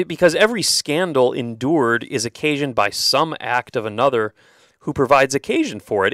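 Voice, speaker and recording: A man's voice: medium pitch, a bit bright, no echo, clean studio sound. A man hosting a religious radio show, explaining a moral teaching in a conversational way, with fillers and small laughs and passages read aloud. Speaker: radio host. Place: radio studio.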